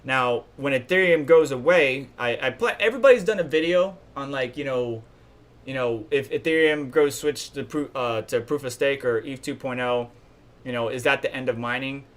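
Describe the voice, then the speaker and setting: A man's voice: mid-range voice, normal speed, fairly bright tone. A man hosting a live stream, giving casual news commentary in a chatty, blunt way and complaining openly.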